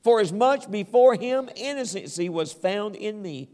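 A male preacher acting out the old prophet Daniel, calling up cheerfully in a raised, high voice. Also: animated, a little slow, mellow, long reverb tail. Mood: joyful.

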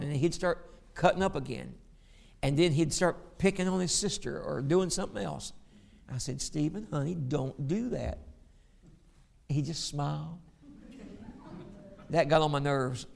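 A man's voice: on the high side, normal speed, vocal fry, a little mellow. A middle-aged man preaching a sermon, telling stories and reading scripture aloud. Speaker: pastor.

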